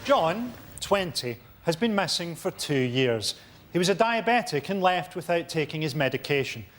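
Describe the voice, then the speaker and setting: A man reading mock small ads on a comedy panel show, deadpan. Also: a little high, normal speed. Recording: loud background noise.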